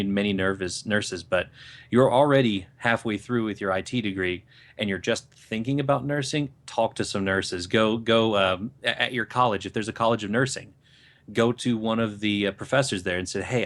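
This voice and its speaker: A man's voice: on the low side, normal speed, fairly bright tone. A man co-hosting a podcast, offering thoughtful, rambling advice in casual chat. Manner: thoughtful, rambling, with many fillers and restarts. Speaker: podcast co-host.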